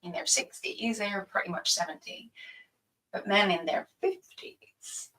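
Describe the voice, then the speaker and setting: A woman's voice: mid-range voice, unhurried, sharp tone, far from the mic, low-quality recording. A woman playing a teasing young woman.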